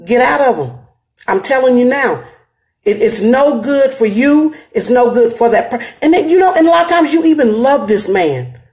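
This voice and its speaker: A woman's voice: fairly high pitch, animated, moderate pace, a little mellow. A middle-aged woman with an African American Vernacular English accent, hosting a live stream and giving earnest advice straight to her viewers, emphatic and repeating her phrases.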